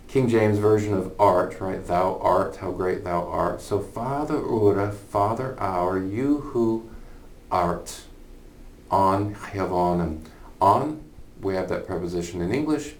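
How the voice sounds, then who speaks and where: A man teaching a college humanities lesson in an informal online lecture, thinking aloud with fillers and repeated phrases. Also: sits low. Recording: echoey room, somewhat far from the mic, faint noise.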